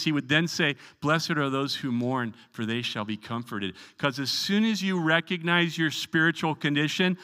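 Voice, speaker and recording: Pastor, male, earnest and emphatic, restarts and repeats words while preaching. Slightly high, tense voice. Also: bright, forceful tone, long reverb tail. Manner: earnest, emphatic preaching with frequent word repetitions. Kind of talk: Bible study sermon. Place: church sanctuary.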